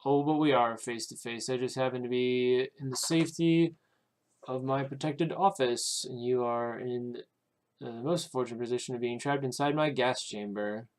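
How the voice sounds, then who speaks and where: A man's voice: medium pitch, moderate pace, close to an everyday voice. A man reading out the lines of a scheming male villain who gloats over his trapped victim, smug and taunting with small hesitations. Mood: smug gloating. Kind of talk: reading game dialogue aloud.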